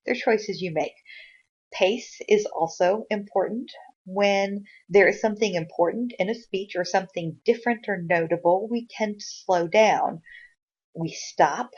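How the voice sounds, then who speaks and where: A woman giving a conversational recorded university lecture, with frequent fillers and sudden bursts of loud emphasis. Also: fairly low pitch, slightly rough, lo-fi sound.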